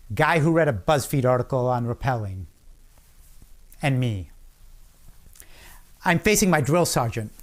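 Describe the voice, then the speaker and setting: A middle-aged man giving a commencement speech, telling a personal story with dramatic pauses and acted-out shouts. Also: medium pitch. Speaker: commencement speaker.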